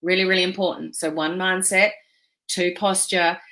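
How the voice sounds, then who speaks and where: A woman's voice: lowish voice, steady tone, normal speed, a bit bright. Earnest woman coaching on business. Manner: earnest and emphatic, with many fillers and restarts. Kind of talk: motivational teaching talk.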